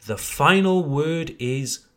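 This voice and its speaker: A man teaches pronunciation on a podcast, with a somewhat high voice that rises and falls freely. He speaks slowly and with emphasis, modelling words carefully for his listeners. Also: animated. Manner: slow, emphatic modelling of words, addresses listeners as ladies and gentlemen.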